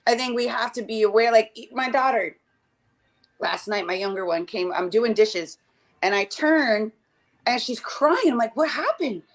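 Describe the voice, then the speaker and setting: A woman's voice: on the high side, animated, moderate pace. A woman chatting casually on a live stream call, rambling with many restarts and acting out quotes. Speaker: mother discussing cardology. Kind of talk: casual chat. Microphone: remote call.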